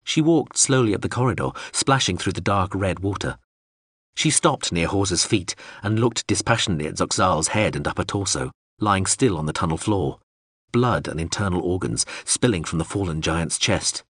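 A male narrator reads a novel aloud in a measured, expressive manner. His low, husky voice moves through a wide, lively pitch range. The recording is close and dry. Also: dry recording. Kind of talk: audiobook narration.

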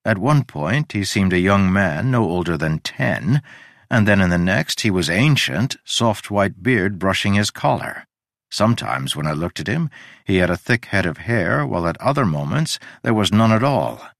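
A man with a low voice narrates a story in a measured, descriptive way. His pitch rises and falls in a lively way, and the recording is close and dry. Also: vocal fry, no room sound.

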